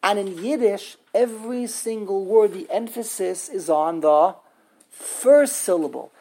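A woman with a husky, slightly breathy voice leads a classroom lesson on Hebrew grammar. She talks emphatically, repeats her points, and sounds out words slowly, one syllable at a time. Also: medium pitch, mellow, low-quality recording.

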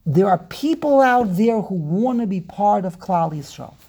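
Woman teaching a torah class, low mellow voice, kinda husky, repeats herself a lot, asks questions then answers. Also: expressive, measured pace. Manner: asks rhetorical questions and repeats words while building a point. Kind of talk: lecture on Hebrew prayer and scripture.

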